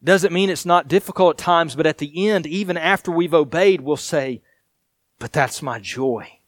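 A pastor whose voice is a little high preaches at normal speed, reading and explaining scripture in an earnest manner. He is sometimes raised, sometimes hushed, recorded in clean studio sound with no room noise.

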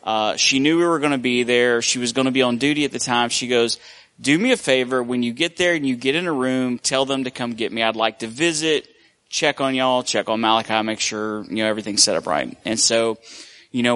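A man's voice: mid-range voice, fairly bright tone. A man preaching a conversational sermon, telling stories with a shifting pace. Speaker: pastor.

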